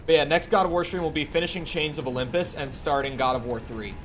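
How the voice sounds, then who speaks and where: A man's voice: on the high side, steady tone, quick pace, background noise. A man streaming a game live, chatting casually with viewers and swearing freely while he plays. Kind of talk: live gameplay commentary. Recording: faint music behind.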